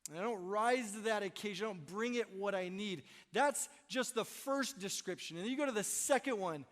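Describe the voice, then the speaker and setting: A young pastor preaches a Christmas Eve sermon in a church sanctuary, his fairly high, slightly bright voice moving at a moderate pace. He's conversational and self-deprecating, often checking in with "right?", and the recording has a long hall reverb.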